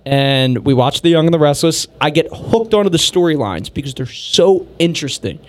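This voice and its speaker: A man's voice: on the high side, lively intonation, moderate pace. A man hosting a casual podcast chat, telling long rambling stories and laughing often.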